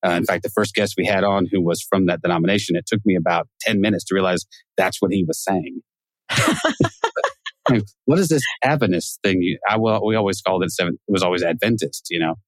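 A man's voice: sits low, steady tone, fast talker, dry recording. A man hosting a podcast in a casual, joking conversational way, laughing often. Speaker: podcast host.

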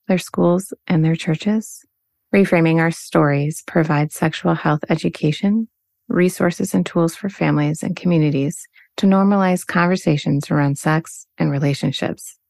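A woman reading a scripted podcast ad in a steady, measured delivery. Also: low voice, vocal fry, no echo, studio quality. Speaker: ad reader.

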